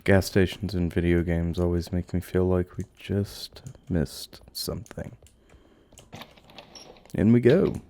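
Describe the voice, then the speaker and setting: A man giving animated let's play commentary, exclaiming and joking as he plays. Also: low-pitched, slow. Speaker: game commentator.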